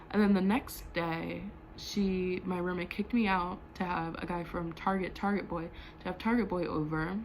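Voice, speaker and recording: A woman's voice: fairly low pitch, a little hiss or hum, low-quality recording. A young adult woman telling a storytime vlog in a heated, profane way, full of "like" fillers. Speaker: vlogger.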